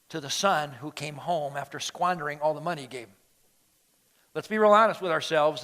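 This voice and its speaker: A middle-aged male pastor preaching a sermon, telling a story with lively acted-out quotes. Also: sits high. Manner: animated storytelling, acting out quoted voices.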